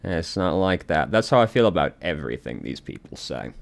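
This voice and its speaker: A man's voice: sits low, sing-song, fairly quick, gravelly. A man casually commenting on a game, wry and a bit sweary. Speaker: let's play host. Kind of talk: gaming commentary.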